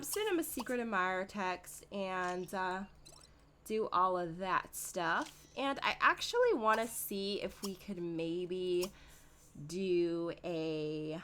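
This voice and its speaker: Woman host, casual gameplay commentary, mid-pitched voice, chatty and giggly, speaks to viewers directly. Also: a bit bright, slight background noise.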